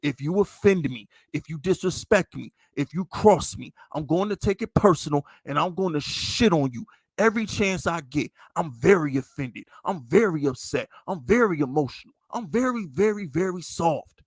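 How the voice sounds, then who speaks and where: A man's voice: on the high side, lively intonation, moderate pace, husky, dry recording, clean studio sound. A man with a New York accent, hosting a casual sports podcast and venting in a heated, profane, emphatic way. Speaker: podcast host.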